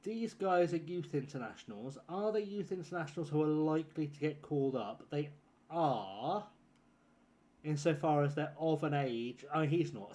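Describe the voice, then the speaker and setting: A man's voice: on the high side, darkish tone. Jokey man streaming a game. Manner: rambling, jokey, swears freely. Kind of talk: casual live-stream chat.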